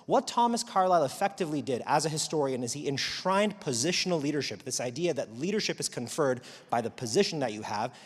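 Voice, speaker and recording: A man giving a live talk to an audience, animated, wry and emphatic. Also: a little high, fast talker, hardly any pauses, husky. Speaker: speaker. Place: large auditorium. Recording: long hall reverb.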